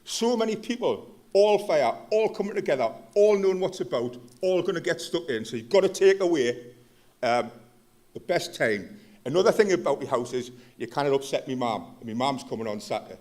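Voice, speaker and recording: Geordie man, fire chief giving a loose welcome address in a hotel room, joking as he goes, fairly high voice. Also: expressive, brisk, a little mellow. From Gateshead, North East England. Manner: jokey, rambling. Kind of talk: welcome speech.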